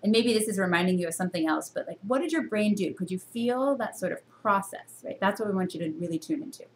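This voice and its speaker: Woman lecturing on reading to a camera, teacherly, many rhetorical questions, mid-range voice, pitch leaps for emphasis, faint noise behind. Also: fast talker. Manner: expressive jumps in pitch for emphasis. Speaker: university reading instructor. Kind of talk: recorded classroom lecture.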